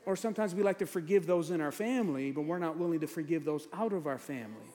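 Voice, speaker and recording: A man preaching a sermon as pastor, animated, swinging from loud preaching to low asides. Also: fast. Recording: long hall reverb.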